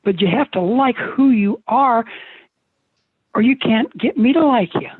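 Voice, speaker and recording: An older motivational speaker leads a live seminar by video call, his voice very high-pitched, husky, and a little slow. The audio is tinny and dry with no echo, and he spins folksy, joking stories.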